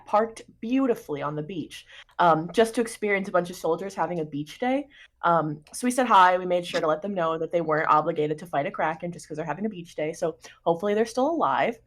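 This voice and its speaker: A woman recapping a tabletop game session in a fast, chatty, giggly way. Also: on the low side.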